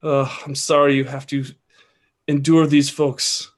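A man's voice: a little high, level tone, measured pace, lightly acted. A man doing a sarcastic dog-man. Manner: dry and sarcastic. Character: dog-man Aldrin, sarcastic, grouchy, wary.

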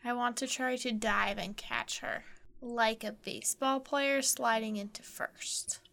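A woman's voice: fairly high pitch, fairly even intonation, unhurried, gravelly, sharp tone. A woman playing a tabletop game, eager and whimsical in her in-character ideas. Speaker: player.

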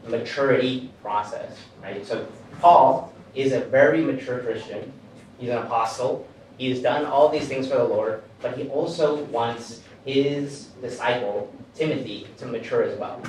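A man's voice: mid-range voice, slight background noise. Young guy preaching casually, lots of "you know", super echoey hall, mic far off. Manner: casual, self-deprecating preaching with many fillers. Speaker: pastor in training. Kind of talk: sermon. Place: church hall.

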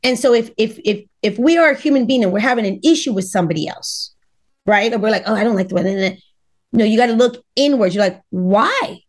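A woman's voice: a little high, fast talker. A middle-aged woman from Los Angeles of Cuban background, a dating coach talking as a podcast guest, emphatic and repeating words as she acts out what people said. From Los Angeles, Cuban family. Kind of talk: podcast interview.

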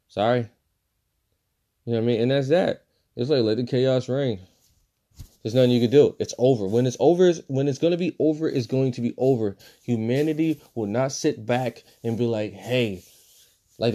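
A man rants about a movie in a loose, profane way. His voice is warm and mellow, and his pitch sits in an ordinary middle range. He jumps from low, flat mutters to sudden loud bursts. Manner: profane, animated, swings between loud outbursts and low mutters. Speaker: movie reviewer. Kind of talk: casual ranting movie review.

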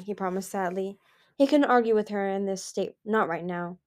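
A woman reading a fantasy novel aloud as amateur audiobook narration, in an expressive manner. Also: medium pitch, moderate pace. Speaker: audiobook reader.

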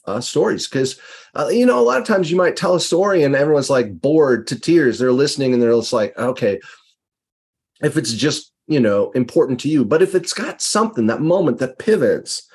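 Husky, thoughtful male interviewer. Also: medium pitch, darkish tone. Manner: thoughtful, musing, with hesitant fillers. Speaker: podcast host. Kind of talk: conversational interview.

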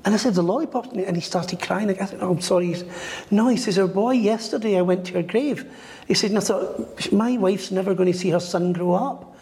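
A man's voice: high voice, fairly quick, creaky, darkish tone. A middle-aged man working as a medium, telling a story in an interview and acting out the voices of the people in it. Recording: echoey room with long reverb.

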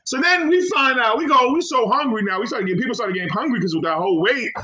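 A high-voiced man, co-hosting a casual podcast. His tone is bright and sharp. He tells stories with lots of energy and acts out the people he quotes in loud bursts. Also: fast. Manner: animated storytelling, acting out quotes with loud outbursts. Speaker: podcast co-host. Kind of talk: casual chat.

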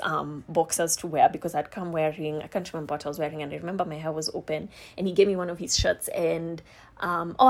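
A young adult woman telling a personal story in a frank, confessional way, swearing freely and pausing often. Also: lowish voice, a bit bright. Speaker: podcast co-host. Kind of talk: candid storytelling chat.

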